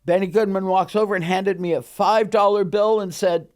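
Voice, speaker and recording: A woman in her eighties telling stories about her early years in an animated, casual way in a studio. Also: mid-range voice, moderate pace. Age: 80s. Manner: animated, acts out quoted voices. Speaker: guest recalling her career. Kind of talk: casual storytelling. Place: recording studio.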